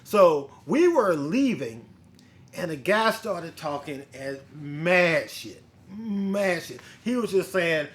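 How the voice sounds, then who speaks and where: Male host with a fairly high voice, a casual, profane storyteller who quotes the people in his story. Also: takes it slowly. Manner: blunt, profane, animated retelling with quoted dialogue. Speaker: bounty hunter and podcast host.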